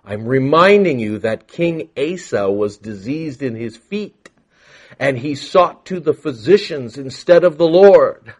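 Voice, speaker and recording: A man preaching a sermon to a congregation, emphatic, swinging between quiet asides and loud proclamation. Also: medium pitch, expressive, measured pace. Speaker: pastor.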